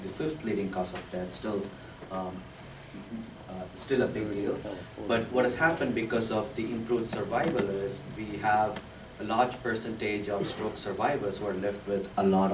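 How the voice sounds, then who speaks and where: A man, a stroke doctor, explaining patiently to an audience with many fillers. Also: fairly low pitch. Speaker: stroke doctor answering questions. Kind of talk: explanatory talk at a public event. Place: large room with an audience. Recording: echoey room, mic far off, faint noise.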